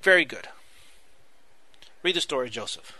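Bright-voiced preacher man in a dry room. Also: mid-range voice, lively intonation, moderate pace, no room sound. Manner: earnest, repetitive, addresses listeners as "my friends". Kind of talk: sermon.

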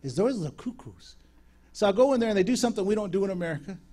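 A man preaches from the pulpit, telling stories with plenty of energy. He acts out the voices of the people in his stories and laughs often. His voice sits fairly high for a man. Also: animated, fast talker, mellow. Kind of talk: sermon storytelling.

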